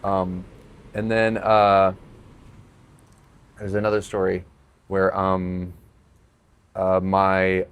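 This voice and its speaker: Casting: young male podcast host, lowish voice, chatty storyteller, easy laughs. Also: vocal fry. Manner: storytelling, laughs often, animated when acting out scenes. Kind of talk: casual chat.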